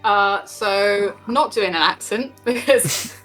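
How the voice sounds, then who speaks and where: A woman in a tabletop game, describing her character in a relaxed, laughing way. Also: medium pitch, slow pace, soft background music, rough recording. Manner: relaxed, laughing, casual slang. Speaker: player. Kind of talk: casual chat.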